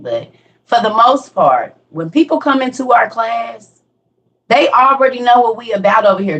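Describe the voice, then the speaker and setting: An older woman hosting an online class in a casual live-stream chat, laughing often and talking straight to her audience. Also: mid-range voice.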